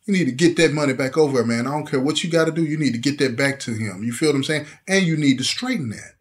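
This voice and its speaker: A man's voice: medium pitch, quick pace. A middle-aged man casually telling a story from his time in prison, full of street slang and frequent "you know what I'm saying" asides.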